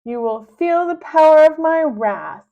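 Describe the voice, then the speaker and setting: Woman doing a shrill, pompous boy villain. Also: expressive. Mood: commanding. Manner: high, loud, drawn-out commanding delivery. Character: pompous bratty boy turned bossy supervillain. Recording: dull low-fidelity sound.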